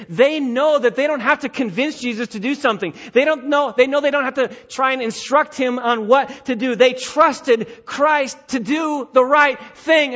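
A man preaching a sermon, repeating phrases for emphasis and swinging between loud build-ups and hushed, quiet drops. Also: very high voice, lo-fi sound. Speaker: pastor.

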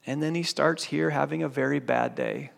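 A man preaching a sermon, swinging from loud emphatic declarations to hushed, quiet lines. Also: fairly high pitch, steady tone, normal speed, vocal fry. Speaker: pastor. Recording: long hall reverb.

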